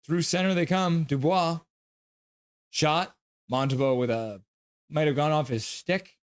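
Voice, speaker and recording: A man's voice: a little high, clear, resonant tone, dry recording, studio quality. A young man hosting a live stream, calling hockey play-by-play in a jokey, chatty way and reading viewer comments aloud. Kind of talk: live play-by-play and chat reaction.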